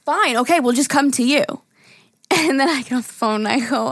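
A woman's voice: high voice, normal speed, fairly bright tone, dry recording, studio quality. A young woman co-hosting a podcast, telling a funny family story in casual chat and reading text messages aloud between laughs. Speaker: podcast co-host.

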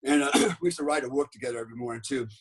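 A man's voice: mid-range voice, racing, breathy edge, rough recording. A man, a podcast guest and former special forces soldier, telling a rambling story in casual talk, peppered with "right?" and "man".

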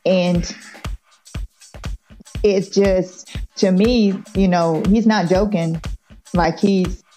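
A woman co-hosting a casual sports chat, measured and agreeable. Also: lowish voice, steady tone, warm tone, faint music behind. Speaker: co-host.

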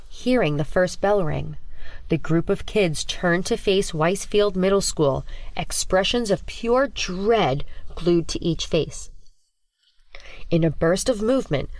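A woman narrating a spooky children's story as a podcast storyteller, reading in a steady, measured way. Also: on the low side, dry recording.

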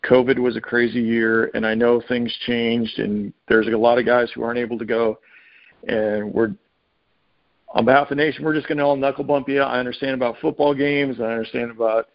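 A man's voice: medium pitch, steady tone, a little fast, no echo, lo-fi sound. A man hosting a podcast, chatting in an upbeat, conversational way. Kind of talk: casual podcast chat.

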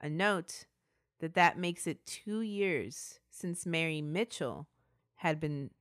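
Casting: woman podcast host, low and dry, chatty storyteller. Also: expressive, takes it slowly, fairly bright tone, no room sound. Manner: chatty narration with asides and laughter. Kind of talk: casual true-crime storytelling.

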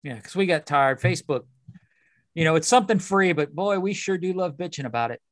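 A man's voice: a little high, fairly quick, dry recording, studio quality. A man co-hosting a casual podcast, chatty and griping, often restarting and repeating words. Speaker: podcast co-host.

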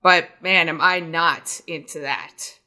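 Woman co-host, bright tone, animated rambling sports chat. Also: deep voice, slow pace. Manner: animated, rambling, self-deprecating. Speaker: podcast co-host. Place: New York City.

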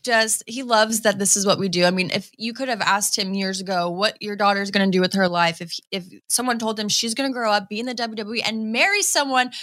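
Bubbly, bright-voiced woman. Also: a little fast, few pauses. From Boston area, USA. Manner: excitable, acts out quoted voices with high swoops. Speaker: guest wrestler. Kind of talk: casual interview chat.

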